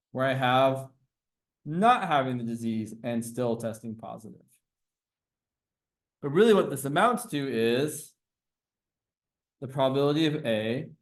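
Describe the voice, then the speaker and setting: Guy lecturing a class on probability, walks thru it step by step, fixes himself mid-sentence, mid pitch. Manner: explains step by step, self-correcting, asks the class questions. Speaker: teacher.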